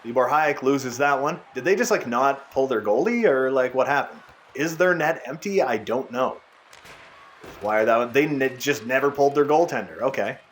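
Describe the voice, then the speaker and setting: A young man calls a hockey video game in a loose, excitable play-by-play, cursing now and then. His voice sounds worn and tired, and faint game sounds run behind him. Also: mid-range voice, normal speed, a little hiss or hum. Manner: casual excited play-by-play, swears. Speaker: gaming YouTuber. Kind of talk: gameplay commentary.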